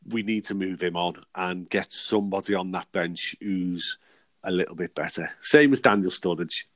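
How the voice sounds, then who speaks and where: A man's voice: lowish voice, no echo. A man co-hosting a casual chat, trading crude jokes and laughing often over a remote call. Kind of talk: casual banter.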